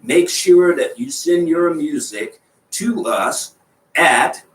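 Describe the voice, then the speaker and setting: A man's voice: fairly high pitch, animated, slow, fairly bright tone, distant mic. Teasing man DJ, echoey and off-mic. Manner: teasing, laughs often. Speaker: radio DJ and co-host. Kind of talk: casual on-air banter.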